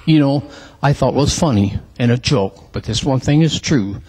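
A man reciting a dramatic religious poem in church, emotional and pleading, with a husky voice. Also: medium pitch, moderate pace, a little mellow. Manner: emotional, pleading, rising to cries.

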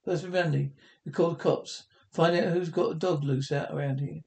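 Sneering, menacing husband read by a man, somewhat high voice, script reading. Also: fairly even intonation, normal speed, vocal fry, a little mellow. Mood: gruff. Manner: mocking, menacing. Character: bullying sneering middle-aged husband.

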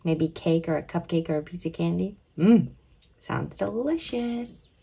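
Slow, breathy young woman teaching toddlers. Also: on the low side, animated. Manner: gentle, drawn-out, dips into whispers. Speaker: kids' teacher. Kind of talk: children's letter lesson.

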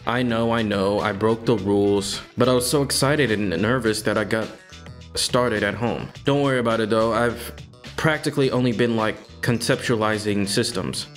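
A man's voice: fairly low pitch, normal speed, soft background music, close to an everyday voice. A man reading the lines of an eager young man in a game who rambles apologetically.

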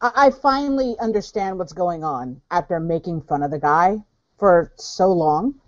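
Lively, giggly female player. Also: lowish voice, moderate pace, dry recording, dull audio. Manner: giggly, chatty. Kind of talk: tabletop game chat.

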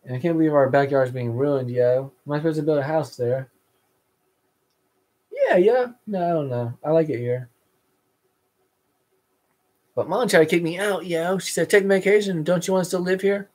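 A man's voice: fairly high pitch, animated, normal speed, long pauses, a little mellow. Profane rambling man, erratic rant. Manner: profane, erratic, drifting between mumbles and outbursts. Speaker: vlogger.

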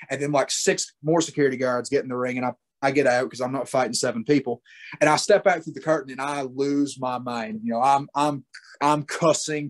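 A man being interviewed as a wrestler, telling stories with animation, laughing and acting out his own remarks. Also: medium pitch. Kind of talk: casual interview chat.

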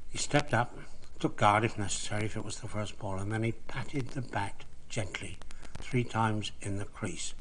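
An older man, telling cricket anecdotes in an unhurried, reminiscing way. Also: lowish voice, fairly bright tone, slight background noise, poor audio. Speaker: cricket broadcaster. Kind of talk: reminiscing storytelling.

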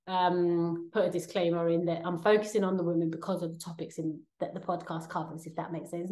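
Woman, podcast host, casual rambling chat, mid-pitched voice, echoey room. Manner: chatty, rambling, many fillers and restarts. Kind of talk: casual solo vlog chat. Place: home, with a cat nearby.

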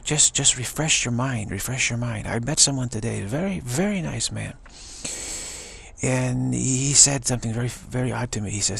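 A man's voice: medium pitch, normal speed, gravelly, a bit bright, breathy edge, dry recording. A man giving an earnest, rambling spiritual monologue to camera, often restarting his sentences. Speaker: spiritual video blogger.

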